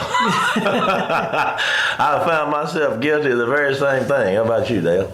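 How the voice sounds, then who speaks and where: Raspy male radio co-host, folksy and lively, roomy studio sound. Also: on the low side, moderate pace. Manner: folksy, joking, chuckles often. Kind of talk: casual sports radio chat.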